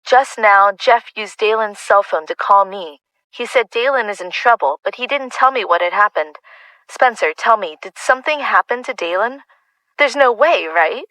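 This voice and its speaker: A woman's voice: a little high, expressive, moderate pace, few pauses, no echo, voice pushed up, natural voice. A woman reading an audiobook, voicing an anxious, hot-tempered young woman who pleads and scolds. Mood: anxious pleading. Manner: pleading, then sharp and scolding.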